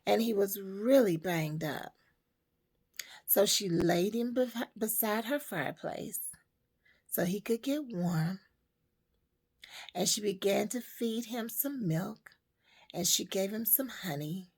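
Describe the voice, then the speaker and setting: Slow, gravelly woman telling a parable. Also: medium pitch, darkish tone. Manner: slow, emphatic, preaching to women. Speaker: storyteller and motivational speaker. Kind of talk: spoken parable and life advice.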